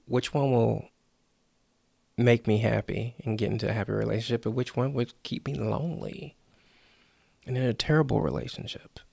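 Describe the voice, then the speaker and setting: A man's voice: medium pitch, steady tone, moderate pace, gravelly, darkish tone, breathy edge, dry recording. A man hosting a motivational podcast, coaching earnestly and acting out the inner voices people hear. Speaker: podcast host.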